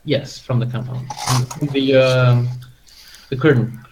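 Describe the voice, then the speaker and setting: A man's voice: mid-range voice, fairly even intonation, a little slow, noisy background. A man acting as game master of a tabletop game, patiently explaining rules with frequent hesitations.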